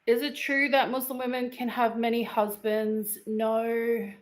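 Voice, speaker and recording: A woman's voice: on the high side, flat delivery, measured pace, roomy sound, poor audio. An Australian woman from Queensland chatting bluntly on a home livestream, answering viewer comments. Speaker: livestream host. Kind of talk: casual livestream chat. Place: home, indoors.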